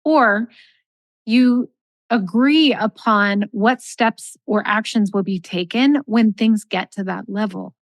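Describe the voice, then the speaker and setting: Calm, measured woman giving advice. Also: mid-range voice, dry recording. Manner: measured, gentle, acts out sample dialogue. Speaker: life coach guest. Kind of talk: calm advice in a podcast interview.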